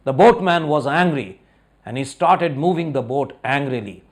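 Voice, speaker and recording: A man gives a motivational talk, telling a parable and then pressing his point home with rhetorical questions to the audience. His voice sits on the higher side and swings widely in pitch, and he leans hard on key words. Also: animated, normal speed. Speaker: motivational speaker.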